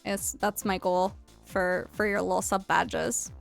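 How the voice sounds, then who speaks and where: A woman's voice: medium pitch, flat delivery, a little slow, vocal fry, faint music behind. A young woman live-streaming a video game, chatting casually and giggling as she thanks her followers and reads game lines aloud. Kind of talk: casual live-stream chat over gameplay.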